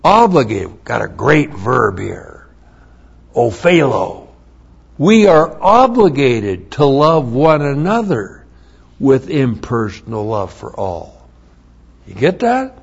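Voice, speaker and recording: A man's voice: mid-range voice, very animated, slow pace, gravelly, husky. A man teaching an expository sermon, carefully explaining Greek grammar and spelling out words letter by letter. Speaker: pastor. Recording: dull lo-fi sermon recording.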